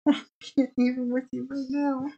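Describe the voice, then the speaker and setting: A chatty woman runs a live-streamed sale with a fairly high voice. She gushes and apologizes in easy, casual talk. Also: level tone, unhurried, gravelly, lo-fi sound, a crowd in the background.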